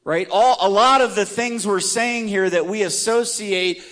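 A man leads a Bible study in a church room, speaking in an unhurried, conversational way. He keeps stopping to ask the group questions and leans on key words for emphasis. The recording is close and dry. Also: high-pitched, fairly bright tone, no echo. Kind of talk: interactive church teaching.

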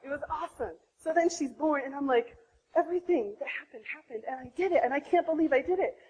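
A woman in her thirties sharing her own birth story to other women, animated, acting out her past self. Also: fast, slight background noise, poor audio. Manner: animated, acts out her own past voice with big pitch jumps. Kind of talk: impassioned personal testimony.

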